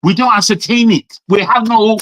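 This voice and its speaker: A man's voice: sits high, moderate pace, a bit bright, no echo, rough recording. A man from Nigeria ranting in a live online debate, exasperated, swearing and repeating himself for emphasis. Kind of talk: heated debate rant.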